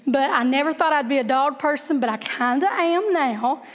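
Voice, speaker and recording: A woman's voice: sits high, normal speed. A woman, telling humorous stories to an audience and laughing at her own jokes. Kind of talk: humorous storytelling talk to an audience. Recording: long hall reverb.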